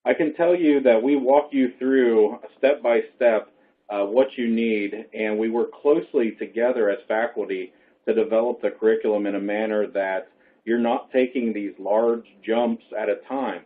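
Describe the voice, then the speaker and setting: A low-voiced male professor answers questions in an online webinar. He is hoarse and losing his voice, but he stays reassuring and breaks each point down step by step. The sound is thin and phone-like. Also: fairly even intonation, normal speed. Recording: phone-like line.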